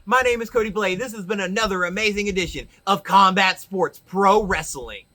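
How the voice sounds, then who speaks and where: A man's voice: high voice, fairly quick, bright, forceful tone. A man hosting a backstage interview, casual and upbeat.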